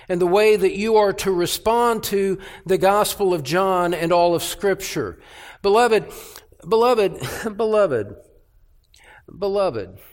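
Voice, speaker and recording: A male pastor preaching an expository sermon, emphatic, repeating words for stress and swinging from hushed to loud. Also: mid-range voice. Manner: emphatic, with dramatic swings between quiet and loud.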